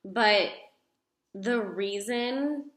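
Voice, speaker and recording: A woman's voice: medium pitch, drawn-out words, a bit bright. A young woman reading tarot cards in a casual video from home. She talks in a chatty, emphatic, gushing way with some casual swearing. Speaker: tarot card reader. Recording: echoey room.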